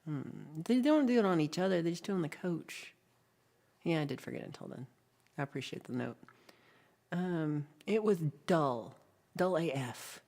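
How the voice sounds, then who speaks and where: A woman with a low voice hosts a relaxed livestream chat. She talks to her viewers in a chatty, rambling way, full of ums, and reads their messages aloud as she goes. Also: moderate pace, vocal fry. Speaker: livestream host.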